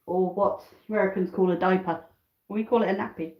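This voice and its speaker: In a quick, mid-range voice, a British woman hosts a live stream from her home kitchen as a backyard chicken keeper, chatting between tasks and asides. The recording is muffled and reverberant.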